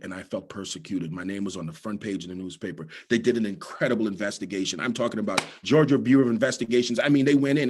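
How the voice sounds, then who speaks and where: A middle-aged Bahamian man gives a motivational talk as a guest speaker, a husky rasp running through his low voice. He tells personal stories and repeats his key lines for emphasis. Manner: storytelling with repetition for emphasis.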